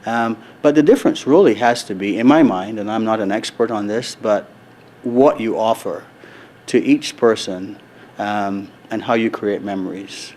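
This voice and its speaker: A middle-aged man answering interview questions at a convention in an earnest, measured way, with many fillers and restarts. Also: fairly low pitch, darkish tone, a little hiss or hum. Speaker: resort executive, interview guest. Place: convention floor.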